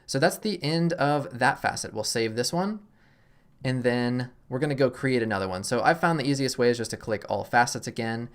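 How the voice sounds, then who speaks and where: A man hosting a casual screen-recorded software tutorial, thinking aloud as he clicks, relaxed and self-deprecating. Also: medium pitch, moderate pace. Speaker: tutorial host.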